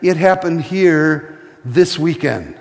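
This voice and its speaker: A man preaching a sermon, telling stories with passion and slowing to a hush for emphasis. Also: fairly high pitch, animated, creaky, big-room sound. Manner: impassioned storytelling, slows to a hush for emphasis. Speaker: pastor.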